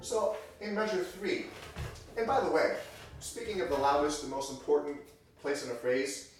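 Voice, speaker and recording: A man's voice: a little high, moderate pace. A man teaching a piano lesson in a conversational way, often correcting himself and acting out example sentences to show phrasing. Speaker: music teacher. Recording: very echoey room, voice distant from mic.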